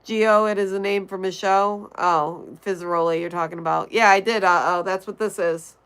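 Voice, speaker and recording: A woman's voice: medium pitch, steady tone, normal speed, a bit bright, clear, resonant tone, rough recording. A young woman from Connecticut hosting a casual livestream, chatting and greeting viewers by name as she reads the chat. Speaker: livestream host.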